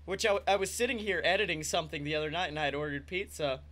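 A man co-hosting a podcast, chatting casually and telling animated stories from home. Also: on the high side, racing, slight background noise. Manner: animated storyteller, acts out characters, laughs a lot. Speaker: podcast co-host. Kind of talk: casual comedic chat.

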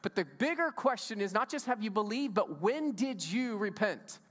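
A high-pitched male pastor preaching a sermon in a casual, emphatic way, firing rhetorical questions at the congregation. His voice carries a long reverb from the church sanctuary. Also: expressive, moderate pace, fairly bright tone.

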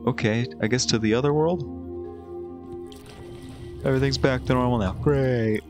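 A man's voice: mid-range voice, lively intonation, unhurried, pauses often, over music. A man giving casual, sarcastic commentary while playing a game and reading it aloud, swearing at the characters. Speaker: let's play gamer. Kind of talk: gameplay commentary.

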